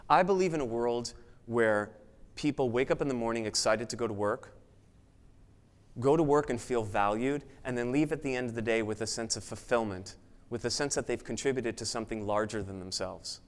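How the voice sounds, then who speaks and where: A man speaks from a conference stage in an earnest, emphatic keynote style. His voice sits at an ordinary pitch for a man, and his delivery is built to inspire the audience in the room. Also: fairly quick. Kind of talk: motivational keynote talk.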